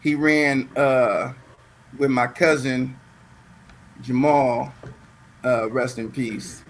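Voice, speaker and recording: A man from Southern California telling a long story in a casual chat, animated and repeating words as he goes. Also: medium pitch, drawn-out words. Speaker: guest.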